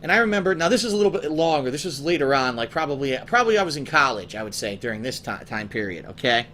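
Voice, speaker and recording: A man's voice: medium pitch, lively intonation, fast talker, bright, forceful tone, a little hiss or hum. A man casually telling profane, rambling stories to his viewers as a gaming show host, acting out his friends' voices as he goes.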